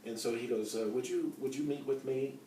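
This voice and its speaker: His delivery is brisk and warm, in a mid-range voice, as this conference speaker rambles through a personal testimony laden with fillers and restarts. The sound is echoey, from a mic placed far away in the conference center hall, with a little hiss or hum.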